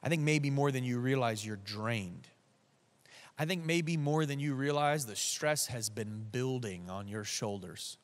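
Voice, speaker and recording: A man preaching a sermon as pastor, animated in his storytelling and dropping to soft, hushed lines. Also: medium pitch, unhurried. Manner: animated storytelling, drops to soft near-whispers. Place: church. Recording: church hall with long reverb.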